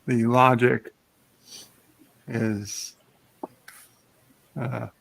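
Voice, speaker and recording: Sleepy, halting man with gravelly voice. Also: mid-range voice, flat delivery, fairly bright tone. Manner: tired, halting, many pauses. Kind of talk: casual morning chat.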